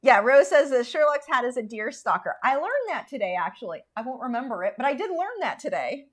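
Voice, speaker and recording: A woman's voice: high-pitched, big pitch swings, a little fast. A woman artist chatting casually and opinionatedly with viewers while she paints, laughing often. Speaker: artist streamer.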